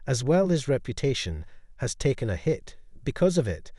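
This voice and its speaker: A stern male police detective speaks in measured, grave tones, as a man reading a story puts him on. The voice moves lively up and down through the lines. The sound is dry, with no room around it. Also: medium pitch, dry recording. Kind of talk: storybook narration.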